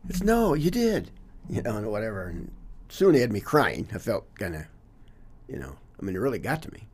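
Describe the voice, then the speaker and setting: Older coach, low husky voice, earnest and rambling, casual interview. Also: male voice, very animated, brisk. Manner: earnest and reflective, trails off with "you know, whatever". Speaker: longtime teacher and coach.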